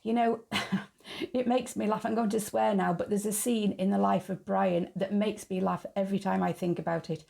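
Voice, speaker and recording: A woman's voice: medium pitch, fairly even intonation, moderate pace, vocal fry, mellow. A woman hosting her own channel, talking frankly in a chatty opinion monologue and laughing at her own jokes. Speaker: YouTube channel host.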